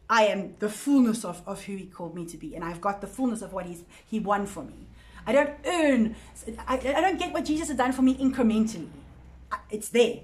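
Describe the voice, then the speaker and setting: A woman with a slightly high-pitched voice leads a Bible study for a women's group. She talks in an earnest, conversational way, repeats her words as she thinks, and keeps checking that her listeners are following. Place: church women's group meeting.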